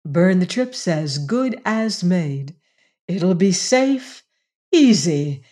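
A woman reading aloud and voicing a gentle, selfless woman rancher who speaks softly and earnestly. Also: lowish voice, expressive, extremely slow. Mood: tender. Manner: soft, earnest, musing.

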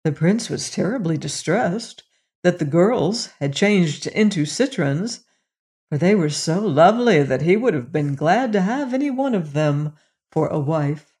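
A narrator with a medium-pitched voice reads a fairy tale aloud, measured and gently expressive.

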